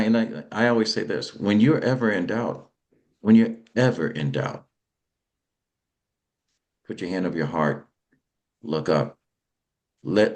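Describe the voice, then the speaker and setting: A man hosting a motivational talk show, speaking in a preacherly way and often checking in with "all right?". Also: sits low. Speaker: host.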